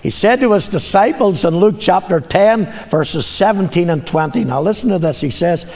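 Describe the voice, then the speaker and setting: A man's voice: high voice, lively intonation, moderate pace, a little mellow, long reverb tail. An older man preaching a sermon, repeating his lines and calling on the congregation to answer. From Northern Ireland. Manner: calls for congregation responses. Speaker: pastor.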